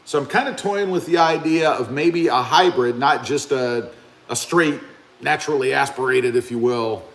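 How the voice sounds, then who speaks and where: A man's voice: mid-range voice, moderate pace, fairly bright tone. A man hosting a casual live stream, chatting and reading viewer comments aloud.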